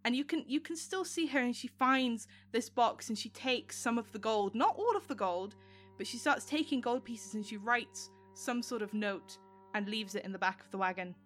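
Bright-voiced woman narrating as game master. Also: a little high, soft background music. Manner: descriptive, unhurried scene-setting.

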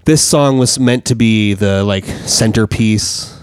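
A man's voice: fairly low pitch, takes it slowly, smooth, no room sound. A man from Alaska co-hosting a casual podcast chat, rambling and swearing, with lots of fillers and restarts. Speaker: podcast co-host, songwriter.

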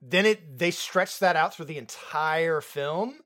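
A man's voice: fairly high pitch, takes it slowly, fairly bright tone. A man co-hosting a film review podcast, chatting casually, laughing often and mocking lines he quotes. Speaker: podcast co-host.

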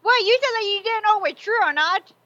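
Very high-voiced blunt woman, lo-fi sound. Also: lively intonation, fast, sharp tone, dry recording. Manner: blunt, crude asides. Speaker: podcast co-host. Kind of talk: casual chat. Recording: dull lo-fi dry sound.

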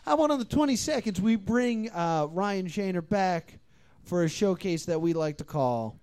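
This man hosts a comedy podcast recorded live at a playhouse. He rambles through announcements with a jokey, stumbling delivery. His voice sits high and bounces all over the place. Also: animated, moderate pace, darkish tone, smooth. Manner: jokey, rambling, stumbles over names while reading plugs. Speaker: podcast host. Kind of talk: casual live podcast banter.

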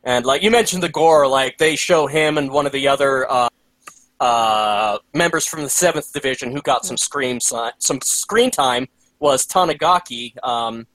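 A man chats in a relaxed way and retells scenes, swearing now and then. His voice sits at a middle pitch for a man. The recording is dry and close. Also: normal speed, no room sound, rough recording. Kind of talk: casual chat about an anime.

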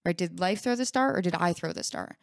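A woman co-hosts a casual recovery workshop, leading with explanations and small acted-out scenarios. Her voice sits low and smooth, and the recording is dry and close with no room sound. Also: fairly quick, no echo. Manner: explains with frequent "right?" tags and examples; acts out an anxious inner voice in examples. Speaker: podcast co-host.

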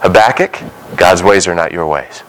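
A man's voice: low-pitched, moderate pace, rough recording. A man preaching a sermon as a pastor, talking conversationally and acting out short quoted voices.

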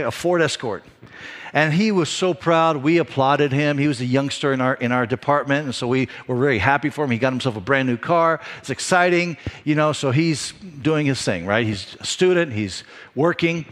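A middle-aged pastor with a fairly high-pitched voice delivers a sermon, recounting a personal story in a conversational, animated style with frequent restarts.

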